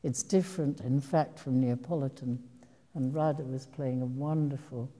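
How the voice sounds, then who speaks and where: An older actress tells a long, meandering story to a live audience. Her voice sits low and dark and the pace is unhurried. The sound carries the long reverb of a large hall. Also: steady tone. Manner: meandering, reflective storytelling with restarts. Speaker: actress telling stories to an audience. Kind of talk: anecdotal public talk.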